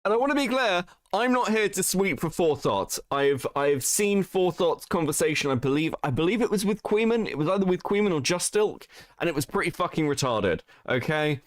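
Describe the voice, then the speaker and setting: A man's voice: high-pitched, lively intonation, brisk, no room sound, studio quality. A man hosting a casual commentary stream, swearing and laughing often as he talks. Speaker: streamer host.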